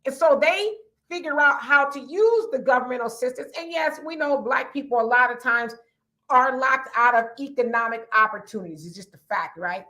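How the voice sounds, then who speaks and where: A woman with a raspy voice co-hosting a casual livestream chat, reading viewer comments aloud and answering them in a conversational way. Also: high voice, lively intonation, moderate pace, sharp tone. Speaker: livestream co-host.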